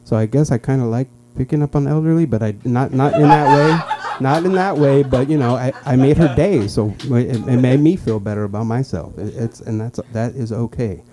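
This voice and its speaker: A young man doing stand-up at an open mic in a small comedy club, telling stories chattily with halting restarts and squeaky impressions of other people. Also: background noise. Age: young adult. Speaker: stand-up comic.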